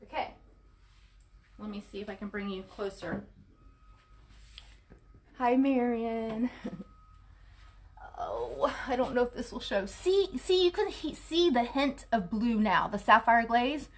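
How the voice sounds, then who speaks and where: A woman's voice: a little high, animated, slow, long pauses, a little hiss or hum. A woman painting furniture on a livestream, chatting to viewers and apologizing as she works some distance from the camera. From Florida, US. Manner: chatty, apologetic, talks to viewers while working. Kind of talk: casual live demonstration.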